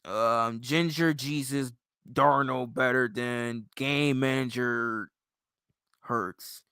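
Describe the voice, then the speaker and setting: Sleepy ranting man with a bright voice. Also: mid-range voice, fairly even intonation, takes it slowly, clear, resonant tone, no room sound, clean studio sound. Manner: rambling, profane and ranting. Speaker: livestream host. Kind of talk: casual late-night livestream chat.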